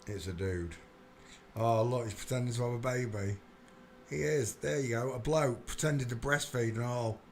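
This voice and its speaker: A man's voice: mid-range voice, normal speed, a little hiss or hum. A man hosting a livestream, muttering to himself as he clicks through searches in casual commentary. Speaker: livestream host. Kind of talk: casual live-stream commentary.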